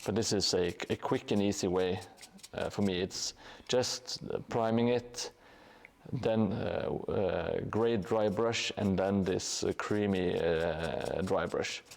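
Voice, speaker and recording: Low gravelly guy rambling while he paints on his stream, lots of uhs and restarts. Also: fairly even intonation, slow. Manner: hesitant, many fillers and restarts. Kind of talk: casual live-stream talk. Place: home hobby room above a gym.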